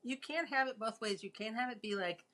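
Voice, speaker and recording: A woman's voice: a little high, a little fast, pushed and bright. A woman in casual conversation giving emphatic, opinionated views. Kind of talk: casual chat.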